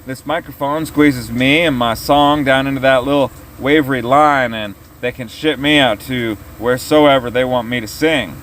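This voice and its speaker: A man's voice: mid-range voice, moderate pace, hardly any pauses, a bit bright, a little hiss or hum, close to an everyday voice. A man doing a boastful folksy bluesman. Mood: explaining. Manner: grand, folksy explaining. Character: boastful older male bluesman.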